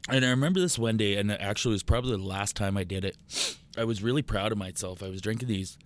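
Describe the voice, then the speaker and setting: A man, a podcast guest telling profane, animated stories in casual chat. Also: on the low side, fast talker. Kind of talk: casual storytelling.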